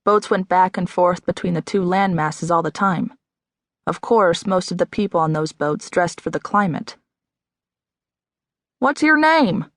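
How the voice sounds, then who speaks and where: A woman's voice: on the low side, fairly even intonation, normal speed, no room sound. Woman narrating an audiobook in a dry studio. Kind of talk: scripted narration.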